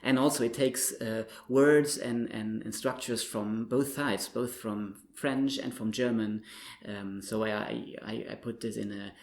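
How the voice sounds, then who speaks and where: A male linguistics researcher explaining his ideas thoughtfully in an interview, pausing with frequent fillers. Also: mid-range voice, fairly even intonation, darkish tone. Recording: roomy echo.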